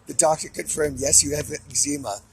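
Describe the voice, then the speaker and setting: A man with a somewhat high, gravelly voice rants furiously at the camera, swearing often. He delivers a weekly update as an angry monologue, with a faint hiss under the sound. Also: steady tone, fairly quick. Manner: furious, profane ranting. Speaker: vlogger giving a weekly update.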